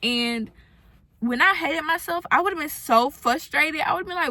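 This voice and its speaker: Her voice sits high and sharp, unhurried, with no echo in the recording. This young self-help vlogger gives her followers an earnest, casual pep talk, mimicking the people she quotes.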